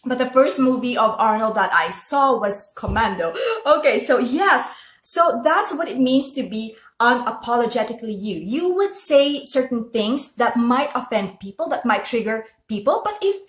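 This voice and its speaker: A Filipino woman with a fairly high, lively voice chats earnestly with her viewers in a casual motivational talk, often restarting and laughing. She speaks at a normal speed, and the sound is roomy.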